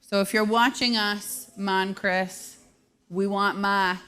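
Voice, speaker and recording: A woman's voice: mid-range voice, steady tone, takes it slowly, a bit bright, clean tone. Female host, 30s, casual live-stream chat, self-deprecating humor. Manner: self-deprecating, joking, laughs often.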